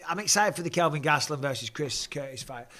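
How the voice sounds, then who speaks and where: English bloke streaming from home, chatty, swears a lot, bright tone. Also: male voice, on the high side, expressive, fast talker. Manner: blokey, swears casually, reads viewer questions. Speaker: host. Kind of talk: live fight commentary and chat.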